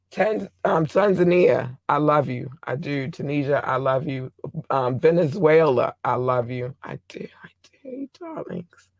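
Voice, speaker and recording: A middle-aged man with a hoarse voice hosts a casual solo podcast, rambling warmly through shout-outs to his listeners. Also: on the high side, dry recording. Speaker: podcast host.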